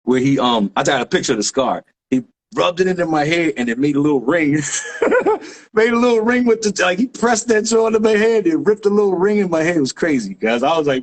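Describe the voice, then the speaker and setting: A man, a graffiti writer guest telling a story in lively street slang with sound effects. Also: a little high, a little fast. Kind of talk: animated storytelling.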